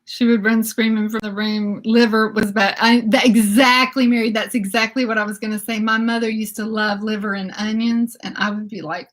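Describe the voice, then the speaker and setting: Speaking a little fast with hardly any pauses, she keeps a level tone in a fairly high voice. She's a fiftysomething beauty host from the southern US, giggly and prone to "oh my goodness," reacting to comments on a casual livestream.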